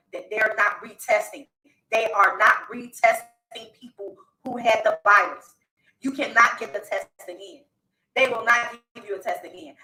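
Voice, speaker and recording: A woman's voice: mid-range voice, bright, forceful tone, roomy sound, recorded from a distance, low-quality recording. A woman speaking on a live stream, earnest and pleading, repeating her warnings. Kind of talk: emotional live-stream address.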